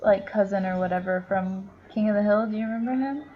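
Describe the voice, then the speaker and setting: A woman's voice: medium pitch, fast, dull audio, faint music behind. A young woman chatting casually as a podcast guest, dry and joking. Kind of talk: casual chat.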